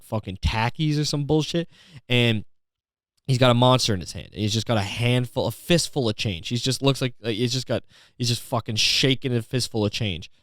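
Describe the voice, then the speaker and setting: A man with a smooth, resonant voice delivers an exasperated comedic rant, swearing constantly and dripping with sarcasm. He is recorded close and dry on a podcast mic, with no room sound. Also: lowish voice, no room sound. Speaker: podcast host.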